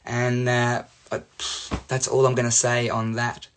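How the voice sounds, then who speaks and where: A young Australian man telling a personal story to camera in a chatty, animated way, full of "you know" and "like". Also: mid-range voice, a little slow, smooth. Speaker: life coach.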